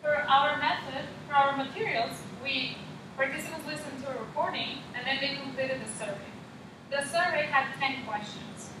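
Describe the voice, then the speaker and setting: A woman's voice: sits high, moderate pace. A young woman, a student, practicing a class presentation and methodically reading out figures and lists. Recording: echoey room, mic far off, background noise.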